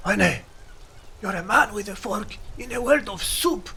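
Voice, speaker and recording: Man playing jolly old man, fake French accent, high, sing-song. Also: expressive, unhurried, creaky, bright, forceful tone, slight background noise, exaggerated voice. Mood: coaxing.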